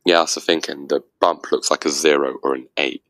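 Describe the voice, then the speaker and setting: A man's voice: a bass voice, fairly even intonation, a little fast, fairly bright tone, no echo. A man joining a casual discussion as a guest, speaking thoughtfully and hedging with fillers. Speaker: guest panelist.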